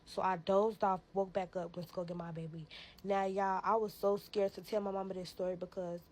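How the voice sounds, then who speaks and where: A young woman casually telling a dramatic personal story to her viewers, profane and animated, acting out her own shouting. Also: medium pitch, fairly quick, low-quality recording.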